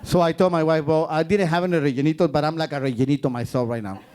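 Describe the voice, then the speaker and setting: A man's voice: a little high, fast talker, few pauses. A man from Guatemala, telling a story on stage and acting out the voices of the people in it. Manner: animated, acts out the voices in his story. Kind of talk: live storytelling.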